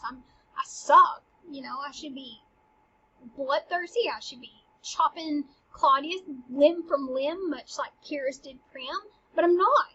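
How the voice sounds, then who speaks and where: A woman's voice: high voice, fairly bright tone, husky. A woman teaching a play, mixing slangy paraphrase with dramatic readings of the lines. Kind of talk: casual lecture paraphrasing a play. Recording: dull lo-fi recording.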